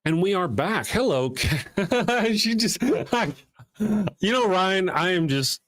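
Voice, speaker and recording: A man's voice: high voice, animated, slow pace, a bit bright. Rambling man hosting a live chat stream. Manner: rambling, self-deprecating, reads viewer super chats aloud. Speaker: co-host of a live atheist talk show.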